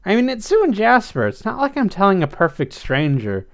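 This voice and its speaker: A man's voice: high voice, wildly swooping pitch, brisk, voice pushed up, full character voice. A man voicing an upbeat, encouraging teenage girl in a read-aloud story. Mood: thoughtful. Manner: reassuring, bright, upbeat.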